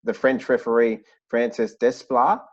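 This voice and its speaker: A man interviewing a guest with slow, carefully worded questions. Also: mid-range voice, flat delivery. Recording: dull lo-fi recording.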